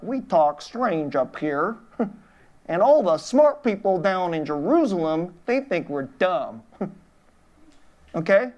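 A woman's voice: mid-range voice, muffled recording. A middle-aged woman pastor giving an informal children's sermon in a church, asking the congregation questions and laughing often.

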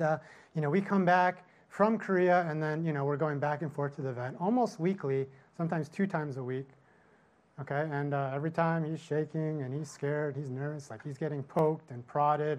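A middle-aged male pastor giving a conversational sermon, telling a story and checking in with "right?" after nearly every line. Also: a little high. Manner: storytelling with constant "right?" tag questions.

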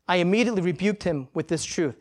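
In church, a high-pitched male pastor speaks quickly as he preaches, sharing a personal story in a relaxed, lively manner and performing the quotes.

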